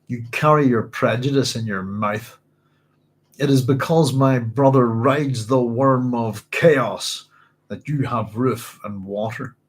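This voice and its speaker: A man's voice: mid-range voice, steady tone, slow, lightly acted. A man voicing an angry young oracle priestess, snapping and scornful, as he reads from a novel aloud. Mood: snarling.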